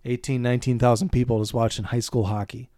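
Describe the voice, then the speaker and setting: A man from Minnesota co-hosts a casual movie podcast. He talks at a mid pitch, easygoing and explanatory. His voice is recorded dry and close on a studio mic. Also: little pitch movement, quick pace, mellow, no echo. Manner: easygoing, explains local details. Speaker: podcast co-host.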